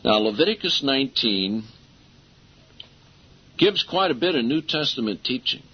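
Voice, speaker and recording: A husky-voiced man preaches a sermon, reading scripture aloud in an emphatic way. He slows right down to drive home key phrases. The recording is dull and lo-fi. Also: mid-range voice, expressive.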